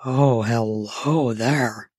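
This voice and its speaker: A woman voicing a relaxed, flirtatious man in an erotic audio story, dropping into a low, husky register and drawing out her words. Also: no room sound, clean studio sound, heavily acted. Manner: slow, drawn-out, teasing.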